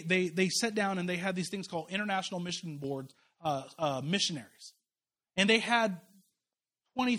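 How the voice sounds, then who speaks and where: Man, pastor, conversational sermon, high voice, impassioned, emphatic, restarts phrases. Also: fairly bright tone.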